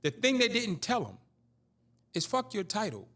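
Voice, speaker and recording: A man's voice: high voice, normal speed. A man in his fifties telling a streetwise story in a casual interview, acting out the dialogue. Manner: animated, streetwise, acts out dialogue. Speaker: interview guest.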